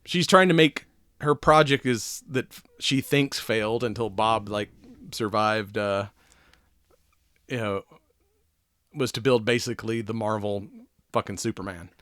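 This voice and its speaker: A man's voice: fairly low pitch, measured pace, long pauses, fairly bright tone, no room sound, clean studio sound. A man co-hosting a podcast, chatting casually in a rambling way, laughing often and swearing freely. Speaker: podcast co-host. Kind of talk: casual chat.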